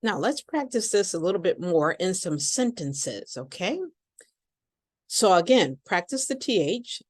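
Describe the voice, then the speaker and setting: Slow, carefully enunciating woman teacher. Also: fairly low pitch, very animated, no echo, studio quality. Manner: slow, deliberate over-enunciation. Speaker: accent and pronunciation teacher. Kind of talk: pronunciation lesson with repeat-after-me drills.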